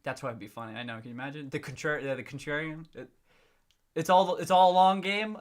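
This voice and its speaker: A man's voice: fairly high pitch, quick pace. A man hosting a casual livestream, reading out viewer comments in a chatty, playful way, laughing often and restarting his sentences. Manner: reacts to and reads out viewer comments.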